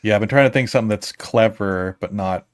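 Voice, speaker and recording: Low-voiced laid-back man, dry sound. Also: a little fast, clean tone, no room sound. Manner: rambling, chuckles between thoughts. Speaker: comic book artist. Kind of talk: casual creative chat.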